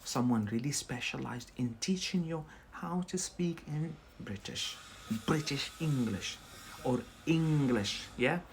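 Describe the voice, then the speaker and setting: Male English teacher, live-stream lesson, relaxed and conversational, checks in with viewers. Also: medium pitch, takes it slowly, slight background noise. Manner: chatty, often checks in with a questioning "yeah?". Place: in Scotland.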